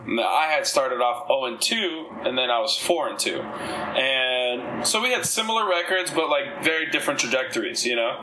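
A man's voice: medium pitch, animated, normal speed, noisy background. A man talking as a comedian guest on a casual podcast, rambling and swearing as he tells stories. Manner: rambling, profane, laughs while telling stories.

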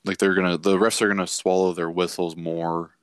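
A man in casual sports chat, ranting and mocking with quick animated bursts. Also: low voice, clear, resonant tone, dry recording.

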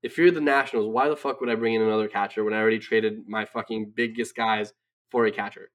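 A man's voice: on the low side, fairly even intonation, fast talker. A man co-hosting a sports podcast in casual chat, ranting brashly with lots of swearing and frequent "right?" asides. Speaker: podcast co-host. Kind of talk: profane casual sports talk.

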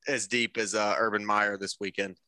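A man's voice: on the low side, level tone, normal speed, pushed and bright, no echo. A young man co-hosting a casual podcast, swearing freely and telling jokes with comic timing. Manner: profane, joking storyteller. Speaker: podcast co-host.

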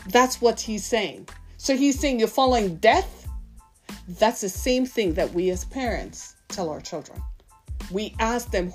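A woman in her fifties delivers a heartfelt sermon, pressing her listeners with question after question. Her voice sits a little high for a woman. Soft music plays faintly behind her. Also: sing-song, normal speed. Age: 50s. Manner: impassioned, full of rhetorical questions to listeners. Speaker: preacher.

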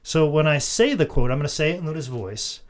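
Animated storytelling man, slightly high voice. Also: fast. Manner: animated storyteller, laughs mid-sentence. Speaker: podcast host and wrestler. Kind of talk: casual podcast chat.

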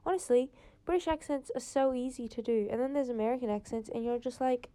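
A woman's voice: a little high, a little fast, few pauses, dark tone, clear, resonant tone. A teenage girl, hosting her own podcast in a rambling, casual chat full of fillers. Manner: rambling, chatty, lots of "like" fillers. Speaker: podcast host. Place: home, late at night.

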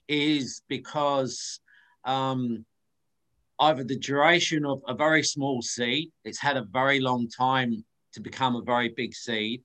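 A man asks a long question on an online call, with many pauses and restarts. His voice is bright and forward. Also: mid-range voice, rough recording. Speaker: student asking a question.

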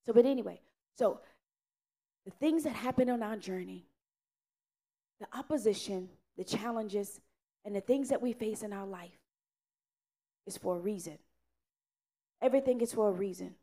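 A woman preaching a sermon in an earnest, repetitive way, rising loud and then dropping soft. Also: mid-range voice, moderate pace, long pauses.

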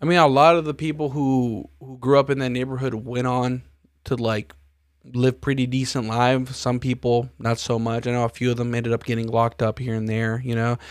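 A man's voice: medium pitch, dry recording, clean studio sound. A man hosting a podcast, telling stories in casual chat and acting out the voices of the people in them. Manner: profane storytelling, acts out quoted dialogue. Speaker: podcast host.

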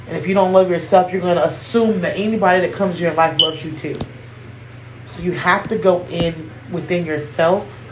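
Emotional woman preaching to listeners. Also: lowish voice. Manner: emphatic, preachy, calling out to listeners; speaks slowly, near tears at times. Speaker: podcast host. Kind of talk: heartfelt spontaneous monologue. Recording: echoey room, faint background noise.

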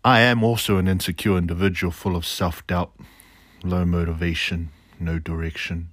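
A man's voice: deep voice, flat delivery, moderate pace, a bit bright, dry recording, studio quality. A middle-aged man delivering a reflective spoken-word monologue, earnest and declamatory, slipping in casual slang asides.

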